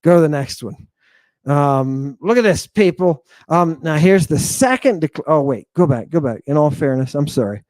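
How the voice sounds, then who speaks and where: A man teaching ancient Greek grammar in a casual, animated lecture, blunt and talking straight to his viewers. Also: fairly high pitch, normal speed, no room sound. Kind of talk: casual lecture over slides.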